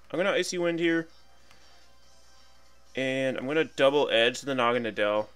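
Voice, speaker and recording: A man's voice: mid-range voice, lively intonation, normal speed, pauses often, fairly bright tone, smooth, soft background music. A young man casually commentating his own battle game, chatty and playful, thinking aloud about each move. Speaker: gaming commentator.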